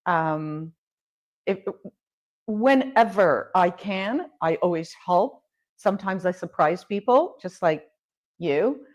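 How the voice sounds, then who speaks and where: Woman, 50s, interview guest, casual storytelling, laughs often, medium pitch. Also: highs cut off. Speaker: luxury home builder, guest.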